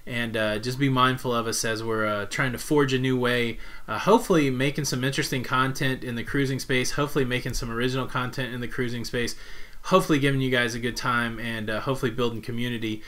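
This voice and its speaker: Bright-voiced man chatting on a live stream. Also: mid-range voice, steady tone, fast talker. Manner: chatty, many "uh" fillers, reads out viewer comments. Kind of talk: casual live-stream chat.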